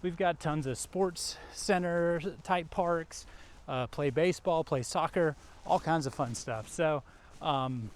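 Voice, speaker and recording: A man's voice: on the high side, slow. A man from around Rock Hill, South Carolina, hosting a casual walking tour vlog outdoors, chatting easily with lots of fillers. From Rock Hill area, South Carolina. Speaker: vlog host, local realtor-style guide. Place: outdoors in a park and shopping plaza.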